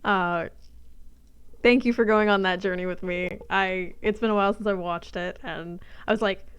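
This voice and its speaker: A woman's voice: medium pitch, fairly even intonation, moderate pace, clear, resonant tone. A woman from Washington State, streaming and chatting casually as she reacts to a video, swearing freely and laughing often.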